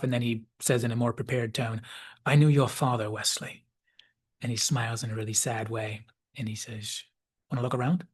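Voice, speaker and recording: A man giving a reflective spoken analysis, musing aloud and sometimes dropping to a soft whisper. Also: medium pitch, slightly rough. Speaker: video essayist.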